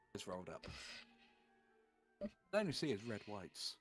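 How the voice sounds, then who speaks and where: A man reading a fan fiction aloud for laughs, acting out lines in a mock-dramatic way with loud exaggerated quotes and flat asides. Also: fairly low pitch.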